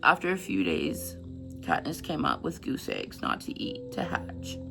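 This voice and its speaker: A woman's voice: low voice, huge pitch swings, unhurried, vocal fry, music in the background. A woman reading passages of a novel aloud to camera, stumbling over words now and then, and chatting about the book with effusive feeling. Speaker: book reviewer.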